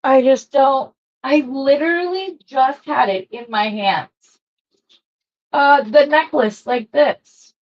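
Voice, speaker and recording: Slow-talking woman chatting on a live stream. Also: sits high, muffled recording. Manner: chatty and rambling, greeting viewers as she works. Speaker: jewelry maker hosting a live stream. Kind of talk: casual live-stream chat.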